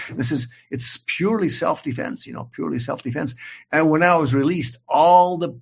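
A man with a slightly raised, husky voice talks over a video call, rambling and repeating himself as he builds up to emphatic, defiant points. The audio is dull and lo-fi. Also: on the high side, brisk. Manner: rambling, repeats words while searching for them. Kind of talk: casual online conversation.

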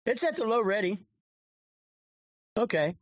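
A man's voice: high voice, big pitch swings, unhurried, heavy background noise. A man giving crude, rambling commentary on his live stream and swearing constantly. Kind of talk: profane off-the-cuff stream commentary. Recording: dull lo-fi dry sound.

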